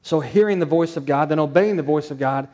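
A man's voice: on the high side, a little fast, warm tone. A male pastor preaching a sermon, stressing points through repetition and rhetorical questions.

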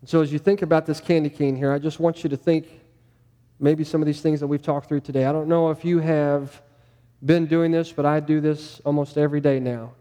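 Male pastor, storytelling sermon, mellow tone, long reverb of a sanctuary. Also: on the high side, steady tone. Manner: storytelling, slows down for emphasis.

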